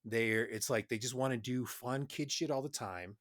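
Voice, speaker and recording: Dude cohosting a podcast, rambly and earnest, swears constantly, normal mid voice. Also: male voice, mid-range voice, moderate pace, fairly bright tone. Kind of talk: casual podcast chat.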